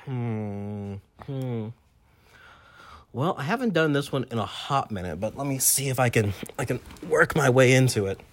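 A man in casual chat who talks in a lively, playful way. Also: mid-range voice, fairly quick, hardly any pauses, husky.

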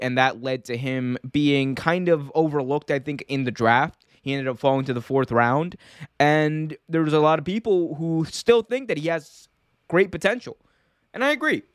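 A young man hosting a casual, opinionated sports commentary show, animated and full of restarts. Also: fairly high pitch, moderate pace, no room sound, clean studio sound.

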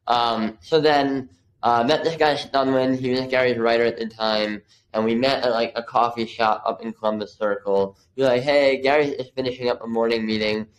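A man in his thirties, a podcast guest who works as a videographer, speaks at a fairly low pitch over poor audio. He tells a story casually, acting out the quotes and using "like" as filler many times.

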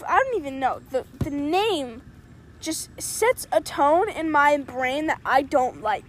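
A young teenage girl with a high voice tells stories to a friend in an excited, dramatic way. She acts out what others said. A faint hiss of background noise sits under her voice. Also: measured pace. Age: young teen. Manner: excitable storyteller, dramatic quoting. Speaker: podcast co-host. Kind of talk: casual chat.

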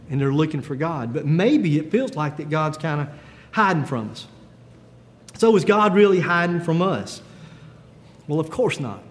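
A man pastor preaching a sermon in a gentle, conversational way, with frequent pauses and fillers. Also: fairly high pitch, big-room sound.

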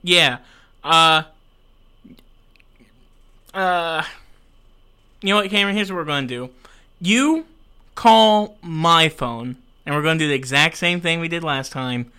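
A man's voice: a little high, measured pace, pauses often, sharp tone, clear, resonant tone. A young man hosting a live show in casual chat, rambling and frustrated by technical trouble. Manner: frustrated, rambling, self-mocking. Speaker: show host.

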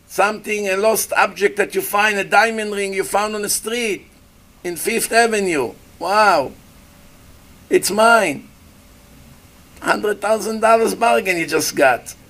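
Animated man preaching. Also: high-pitched, measured pace. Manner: animated preacher, acts out voices, asks the audience questions. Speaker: rabbi giving a Torah class. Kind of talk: sermon.

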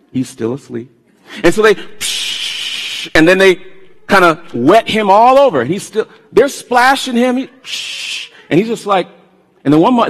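A man preaching a sermon, telling stories in an animated way and swinging from loud bursts to hushed tones. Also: sits high. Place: church sanctuary. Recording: long hall reverb.

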